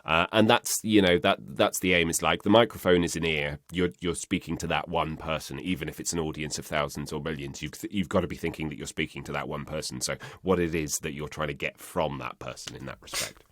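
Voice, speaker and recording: A man's voice: a bass voice, brisk, hardly any pauses, no room sound. A man with a British RP accent, a voice actor chatting in an interview from his home studio and acting out the people he quotes. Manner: animated, acts out quoted voices mid-sentence. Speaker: voice actor guest. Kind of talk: casual interview chat.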